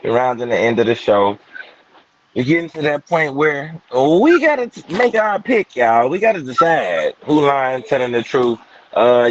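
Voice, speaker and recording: A man's voice: mid-range voice, muffled recording. A man hosting a panel show, talking loosely and casually, addressing the viewers directly. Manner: casual, loose, talks to the audience. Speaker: host.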